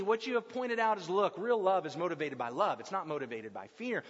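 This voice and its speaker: A man with a high voice preaches to a congregation in a church with long, ringing reverb. He is emphatic, swelling to loud passionate peaks and then falling to hushed, quiet lines. The recording is dull and lo-fi. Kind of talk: sermon.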